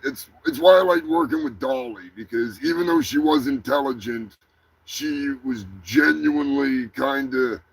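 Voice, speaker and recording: A man's voice: mid-range voice, vocal fry, fairly bright tone, low-quality recording. A man hosting a comedic live stream, talking in a crude, rambling, profane way. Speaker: host. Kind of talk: crude comedic livestream chat.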